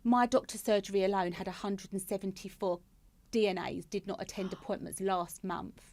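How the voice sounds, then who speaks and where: A woman's voice: medium pitch, fairly even intonation, moderate pace, darkish tone. A woman, a podcast guest talking candidly and with emphasis, often repeating words for stress. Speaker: podcast guest, former head of patient experience. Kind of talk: casual conversational interview.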